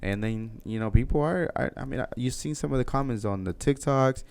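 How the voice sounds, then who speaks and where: Podcast host, male, smooth resonant voice, loose rambling casual chat, encouraging. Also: medium pitch, fairly quick, a little mellow. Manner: rambling, encouraging, restarts often.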